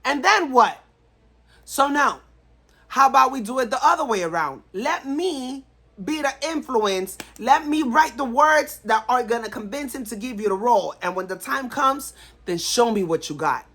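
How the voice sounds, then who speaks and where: A woman's voice: on the high side, expressive, normal speed, a bit bright, breathy edge. A woman vlogger talking straight to camera in a blunt, emphatic way, often repeating herself for stress. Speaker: vlogger giving life advice. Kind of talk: casual talk to camera.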